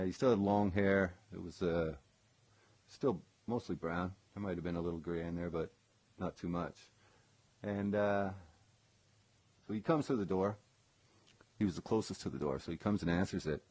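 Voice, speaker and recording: Deep-voiced man rambling through a story. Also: darkish tone, dry recording. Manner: rambling, full of ums and self-corrections. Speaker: former session guitarist telling a personal story. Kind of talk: casual live-streamed storytelling.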